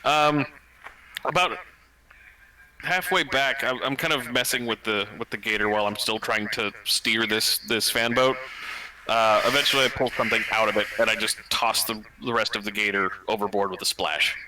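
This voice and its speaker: A man with a very bright, forward voice describes his character at a tabletop game. He rambles and chuckles as he goes. A faint hiss sits under the recording. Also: lowish voice, moderate pace, rough recording. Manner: rambling, grumbling, chuckling asides. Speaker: player.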